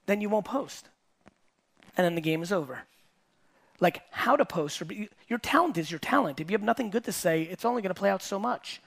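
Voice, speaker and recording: Casting note: middle-aged man, high-pitched voice, blunt live keynote delivery, swears, hammers each point twice. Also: vocal fry, a bit bright. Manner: blunt, fast-talking, swears, repeats points for emphasis. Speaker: entrepreneur and host. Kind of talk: keynote talk to a live audience.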